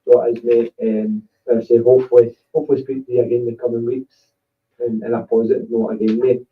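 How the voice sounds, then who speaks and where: A man's voice: mid-range voice, level tone, fast. A Scottish man, a football manager, talking in a rambling way with repeated restarts on a phone-in. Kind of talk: phone-in interview. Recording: distant tinny phone line.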